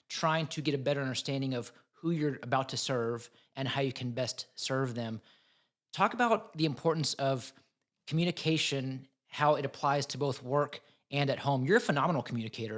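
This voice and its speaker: Man, mid-pitched voice, enthusiastic interview host. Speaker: podcast host. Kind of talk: interview hosting.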